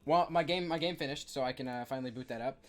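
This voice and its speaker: Storytelling in relaxed chat, this young streamer gets excitable, stammers, and loudly performs other people's lines. He talks fast at a medium pitch.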